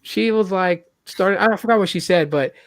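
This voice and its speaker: A man with an animated way of telling a story, who acts out the people he quotes. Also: moderate pace, no room sound. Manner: animated, acts out quotes with jumps in pitch and loudness. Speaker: podcast host. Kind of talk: casual storytelling.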